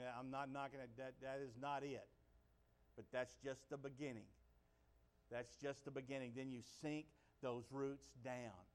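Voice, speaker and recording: A middle-aged male pastor preaching a folksy sermon, by turns quiet and conversational and loud and excited. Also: medium pitch.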